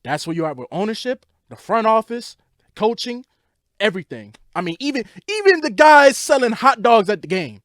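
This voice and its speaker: A man's voice: high-pitched, sing-song, moderate pace, fairly bright tone, no echo, studio quality. A young man hosting a sports vlog, giving casual commentary as an exasperated fan on a rant. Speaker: sports podcast host.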